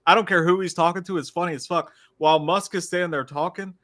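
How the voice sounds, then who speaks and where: A man with a bright, forward voice and a slightly raised pitch, chatting on a podcast. He tells animated stories, laughing often and swearing freely. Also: quick pace. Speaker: podcast co-host. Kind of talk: casual profane chat.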